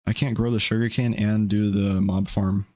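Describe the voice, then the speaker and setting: A man's voice: lowish voice, flat delivery, normal speed, mellow, no room sound. A young man casually chatting while streaming a game, rambling and laid-back. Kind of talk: casual gaming stream chat.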